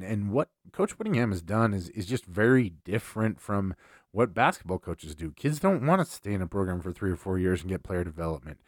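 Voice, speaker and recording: Brief: male sports podcast host, casual and conversational, slightly low voice, dry recording. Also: dry recording. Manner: conversational, repeats words at starts.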